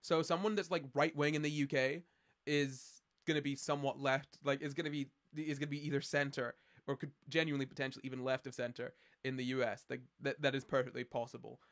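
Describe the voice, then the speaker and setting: Quick-paced and a bit bright, his mid-range voice shows little pitch movement. The speaker is a man from Scotland with a Scottish accent who rambles through his live-stream chat replies sardonically, restarting and filling gaps as he goes.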